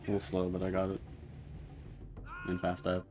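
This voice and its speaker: Low-voiced man muttering gameplay commentary. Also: completely flat delivery, moderate pace, over music. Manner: quiet, mumbled asides with sudden loud frustrated swearing. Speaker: speedrunner streaming his run.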